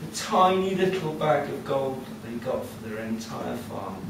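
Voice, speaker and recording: A man telling a folk tale live at a storytelling cafe, lively and conversational with asides to the audience. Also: mid-range voice, normal speed, vocal fry, far from the mic. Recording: echoey room heard from afar with noise.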